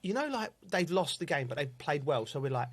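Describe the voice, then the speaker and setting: A man's voice: fairly high pitch, big pitch swings, brisk, slightly rough. A man chatting casually as a football pundit, telling stories and laughing often. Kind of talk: casual banter.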